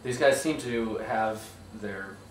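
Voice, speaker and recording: A man in his thirties who plays bass, talking in a wry, hesitant way in a casual interview. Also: slow. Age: 30s. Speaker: bass player. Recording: echoey room from far off, with faint noise.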